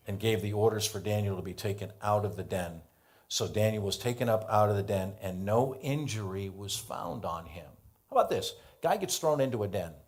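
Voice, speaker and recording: An American man preaching a sermon as pastor, telling a Bible story with animated voices for the characters. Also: lowish voice. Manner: animated storytelling, acts out biblical dialogue.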